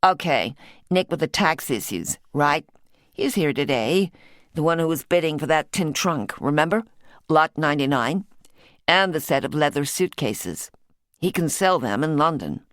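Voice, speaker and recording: A woman's voice: low-pitched, lively intonation, unhurried, fairly bright tone, no room sound, studio quality. A woman voicing a wry American dealer. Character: chatty American woman antiques dealer, about fifty.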